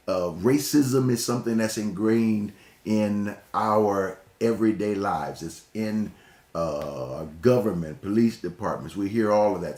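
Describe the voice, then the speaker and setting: A man's voice: fairly low pitch, a little mellow, reverberant. A man from Northeast Ohio with a slight Texas drawl, giving an emphatic motivational talk and often repeating words. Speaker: speaker.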